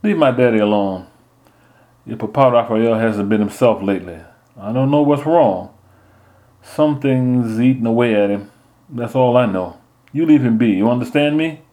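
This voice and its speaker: A man's voice: medium pitch, normal speed, dark tone, pitched above the performer's own voice, lightly acted. A man voicing a big, stern Louisiana mother who scolds firmly and talks in drawling folk speech. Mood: anxious scolding.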